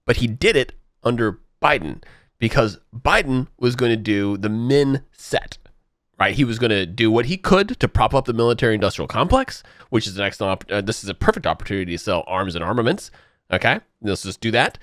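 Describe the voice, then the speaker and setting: A man's voice: lowish voice, lively intonation, fairly quick, a bit bright, no echo, clean studio sound. A man co-hosting a podcast, arguing politics emphatically with profanity and step-by-step analogies. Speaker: podcast co-host. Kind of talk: heated political debate.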